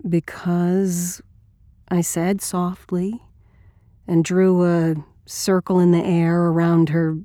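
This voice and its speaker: A woman's voice: on the low side, dark tone, no room sound, studio quality. Woman narrating as a blunt ex-Marine man. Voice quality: blunt, wry, crude. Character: blunt crude male ex-Marine narrator, middle-aged. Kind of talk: audiobook narration.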